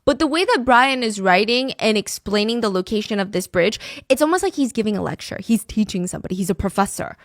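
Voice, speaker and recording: A woman hosting a podcast, telling a true crime story in an animated, conversational way. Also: medium pitch, fast talker, hardly any pauses, dry recording, studio quality. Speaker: podcast host.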